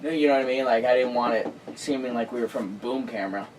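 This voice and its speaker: Male host, excitable storyteller, heavy with fillers, a bit distant from the mic with faint noise. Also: mid-range voice, fast. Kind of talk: casual chat.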